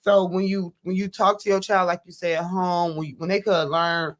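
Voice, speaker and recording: A man hosting a radio talk show, animated and opinionated in casual conversation. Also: high voice, moderate pace, few pauses. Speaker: host.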